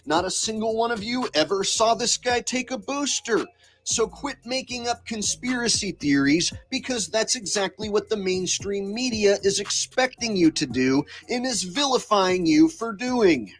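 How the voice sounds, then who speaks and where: A man's voice: high voice, animated, normal speed, fairly bright tone, soft background music. A man talking in a sarcastic, insistent way, delivering commentary for his video channel. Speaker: online commentator.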